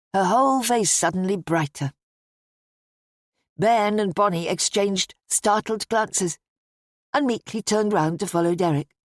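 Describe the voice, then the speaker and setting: A woman reading an audiobook in a measured, even narration style. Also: fairly low pitch, dry recording, studio quality. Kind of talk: scripted narration.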